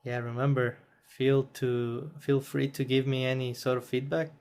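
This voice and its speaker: A man who is not a native English speaker, hosting a software tutorial and thinking aloud as he works, a bit tired and self-correcting. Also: mid-range voice, flat delivery, normal speed. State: yawning, tired. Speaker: tutorial host. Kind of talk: screen-recorded software tutorial.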